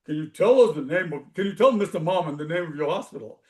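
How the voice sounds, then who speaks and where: A man imitating a deep-voiced radio host. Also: expressive, quick pace, reverberant, close to an everyday voice. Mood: amused. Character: calm male radio host, rich deep voice.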